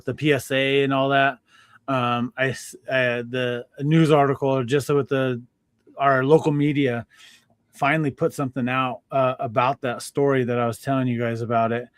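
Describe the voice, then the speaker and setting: A man hosting a casual sports talk show, chatting in an animated way with lots of fillers and laughs. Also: medium pitch, smooth, dry recording, studio quality. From Denver. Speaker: podcast host. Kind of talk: casual chat.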